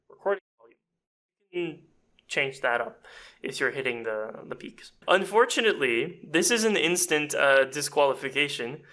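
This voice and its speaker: A man giving a chatty, self-deprecating audio editing tutorial, explaining step by step as he clicks through software. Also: mid-range voice. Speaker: voice actor and casting director.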